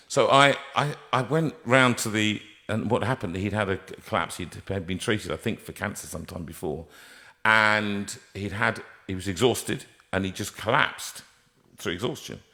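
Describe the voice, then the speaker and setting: A man hosting a live stream from a music room, telling a stage anecdote and acting out the voices he quotes. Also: medium pitch. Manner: animated, acts out quoted voices. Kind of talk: anecdotal storytelling.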